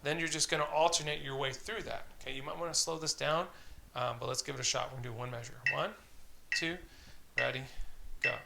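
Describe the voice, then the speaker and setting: Brisk and gravelly, on the high side, a man's voice cuts through heavy background noise while he teaches drum rudiments. He counts off exercises aloud and names the stickings, staying patient and encouraging throughout the instructional tutorial.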